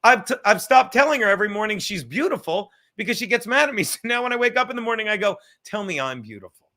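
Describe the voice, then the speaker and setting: A man hosting a livestream podcast, rambling loudly and swearing as he reads chat comments. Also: extremely high pitch, fast talker. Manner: loud, rambling, profane, reading chat comments aloud. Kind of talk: casual chat.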